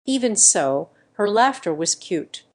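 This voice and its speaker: Woman reading a romance audiobook, gentle and earnest, medium pitch. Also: very animated, measured pace. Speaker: audiobook narrator. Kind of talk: first-person romance audiobook narration.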